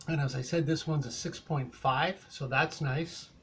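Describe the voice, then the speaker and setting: A man's voice: on the high side, steady tone, measured pace, slight background noise. An older man with a Canadian accent, talking through a casual rambling beer review, full of hesitations and fillers.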